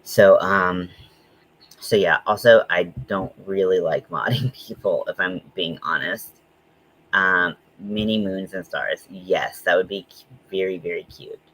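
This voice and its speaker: Low-voiced man chatting on a livestream. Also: fairly bright tone, a little hiss or hum, poor audio. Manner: chatty, rambling, with frequent ums and quick asides. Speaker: host. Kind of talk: casual livestream chat.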